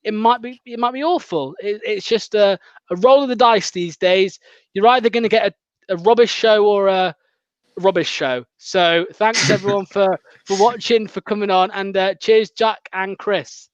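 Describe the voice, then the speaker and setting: A young man with a high voice rambles and jokes through a fan show, full of fillers and quick asides. His voice comes through dull and dry, like muffled video-call audio. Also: no echo. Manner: chatty, jokey, rambling with many fillers. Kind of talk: casual chat.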